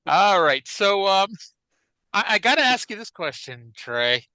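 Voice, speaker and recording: A man co-hosting a podcast, chatting casually about classic wrestling in an animated, rambling way with many restarts. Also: sits high, measured pace, dry recording, low-quality recording. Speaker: podcast co-host.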